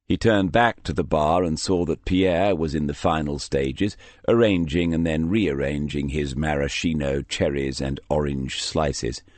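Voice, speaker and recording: A man reading a crime novel aloud in measured, dry storytelling narration. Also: extremely low pitch, darkish tone, no room sound. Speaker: audiobook narrator. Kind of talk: scripted narration.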